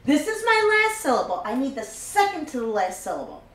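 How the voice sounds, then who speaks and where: A woman's voice: high voice, sing-song, a little fast, roomy sound, rough recording. A woman teaching a Spanish grammar lesson, patiently walking through each step and repeating key points.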